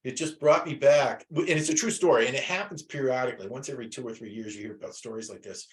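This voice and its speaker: Male teacher, casual and rambling, lots of restarts, video-call sound, mid pitch. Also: quick pace. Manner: rambling, many restarts and fillers. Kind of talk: casual classroom talk.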